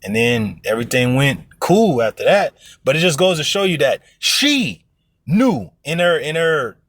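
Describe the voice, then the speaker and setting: A man's voice: fairly high pitch, very animated, a little slow, a bit bright, dry recording, studio quality. A man preaching informally to an online audience, blunt and profane, who acts out other people's voices in his stories. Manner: blunt, profane, emphatic exhortation. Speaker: religious teacher.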